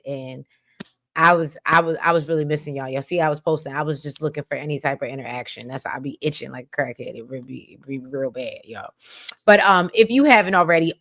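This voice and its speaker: Bright-voiced woman hosting a chatty recap. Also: low voice. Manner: chatty, addresses viewers as y'all, drops into quoted voices. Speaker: soap opera recap host. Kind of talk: casual chatty recap to viewers.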